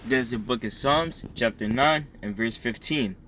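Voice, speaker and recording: Man reading bible verses out slow and formal, says the chapter and verse first, normal pitch. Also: pushed and bright, slight background noise, rough recording. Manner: measured, announces book, chapter and verse before reading. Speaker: scripture reader.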